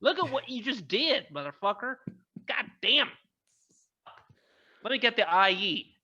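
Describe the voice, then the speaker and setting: High, bright-voiced swearing male co-host. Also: lively intonation, measured pace, breathy edge. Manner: crude, mock-outraged, swearing. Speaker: podcast co-host. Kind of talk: casual podcast banter. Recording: dull lo-fi audio.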